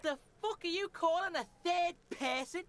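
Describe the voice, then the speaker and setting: A man's voice: extremely high pitch, moderate pace, a bit bright, voice pushed up. A man doing a sneering foul-mouthed street kid in a Scouse voice. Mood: hostile. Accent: put-on Scouse. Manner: refers to himself in the third person, swears constantly, sneering. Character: foul-mouthed street boy, cocky and hostile. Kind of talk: live game voice-over.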